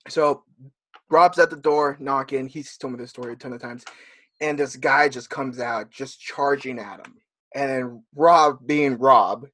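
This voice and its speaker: A man hosting a casual podcast chat, speaking in a relaxed way with sighs and frequent restarts. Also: medium pitch, no echo. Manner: relaxed, lots of sighs and repeated words.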